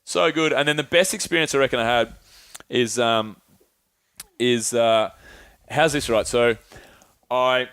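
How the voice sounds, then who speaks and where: A man's voice: mid-range voice, measured pace, pauses often, a bit bright, clear, resonant tone, no room sound. A young Australian man casually telling travel stories, rambling and swearing with lots of filler words. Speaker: podcast co-host. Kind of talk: casual chat, travel storytelling.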